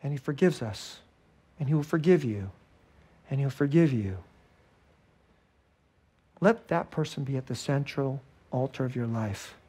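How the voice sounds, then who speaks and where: A man preaching a sermon as pastor, talking conversationally and dropping to hushed tones between livelier stretches, with laughs between phrases. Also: medium pitch, animated, measured pace, long pauses, husky.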